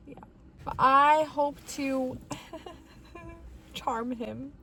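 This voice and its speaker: A young woman talks straight to her viewers in a casual vlog, drifting from thought to thought with plenty of fillers and giggles. Her voice sits a little high, and she takes her time, letting words stretch out unhurried. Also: a bit bright, no room sound. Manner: rambling, giggly and emotional, with many fillers. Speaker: vlogger.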